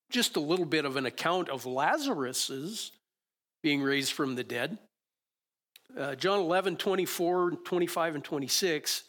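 A man with a slightly high voice preaches a sermon. He talks in a conversational, musing way, often restarting his sentences as he thinks aloud. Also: a bit bright.

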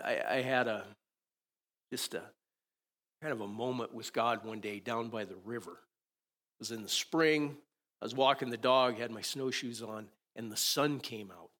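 A male pastor delivers a sermon in a conversational way. His voice sits at an ordinary middle pitch. He keeps checking in with the listeners and moves between louder and quieter stretches. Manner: conversational, often asks "right?", shifts between loud and soft.

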